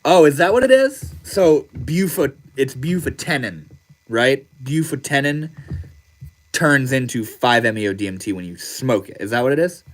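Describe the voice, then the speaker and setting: With a sing-song, mid-range voice at a moderate pace, a man hosting a relaxed livestream goes through viewer comments aloud. He answers each one in an easygoing, slangy way.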